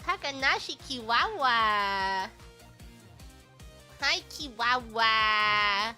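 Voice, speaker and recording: A young woman streaming, chatting casually in a bubbly, giggly, excitable way. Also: fairly high pitch.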